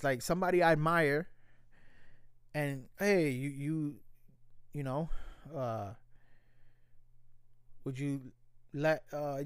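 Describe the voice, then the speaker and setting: A man's voice: a little high, clean tone, no echo, clean studio sound. A man in his thirties ranting in casual talk, blunt, heated and full of swearing. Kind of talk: casual opinion rant.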